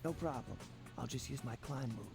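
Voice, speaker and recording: A man's voice: medium pitch, normal speed, vocal fry, close to an everyday voice. Sly Cooper, a man voicing a suave raccoon thief. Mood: cocky. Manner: laid-back, confident. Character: suave, cocky young male raccoon master thief. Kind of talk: video game narration and dialogue. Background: loud game music.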